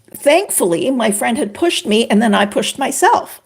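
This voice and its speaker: An older woman from Canada, a former couples therapist, chatting on a livestream in an animated way and greeting viewers by name. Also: high-pitched, normal speed, hardly any pauses, slightly rough. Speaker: relationship expert on a livestream. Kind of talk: casual livestream chat.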